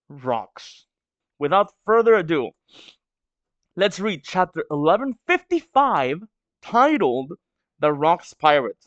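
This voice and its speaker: A man's voice: on the high side, dry recording, lo-fi sound. A man with a stuffy nose from a cold, reading a manga aloud and reacting to it in hesitant, filler-heavy musing.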